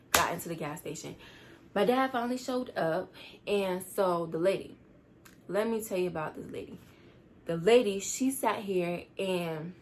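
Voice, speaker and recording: A teenage girl telling a storytime vlog, rushed and rambling as she tries to calm down. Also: on the low side, slight background noise. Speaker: vlogger.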